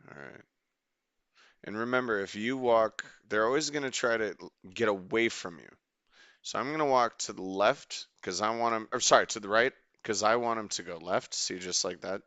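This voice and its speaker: A young man casually commentating his game as a streamer, rambling, excitable and swearing freely. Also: on the low side, normal speed, dry recording.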